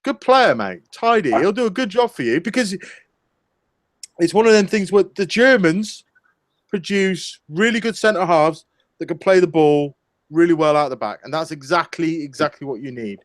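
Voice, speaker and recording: A man's voice: fairly high pitch, animated, moderate pace, no echo. A man co-hosting a casual chat, joking crudely and wandering off on tangents. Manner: crude, jokey, goes off on tangents. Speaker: podcast co-host.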